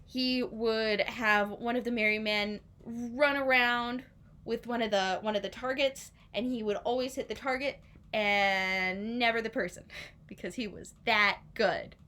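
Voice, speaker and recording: A woman telling a story to young children, playful and animated, inviting listeners to join in. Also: on the high side, unhurried.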